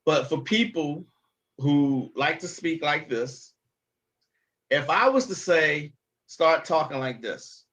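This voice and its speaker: A man's voice: fairly high pitch, expressive, slow pace, a bit bright. A man speaking bluntly and emphatically in a casual vlog clip.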